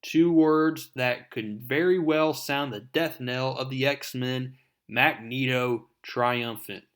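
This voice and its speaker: A man's voice: medium pitch, fairly even intonation, slow pace, fairly bright tone. A man narrating a comic book recap with enthusiasm, talking to his viewers as folks.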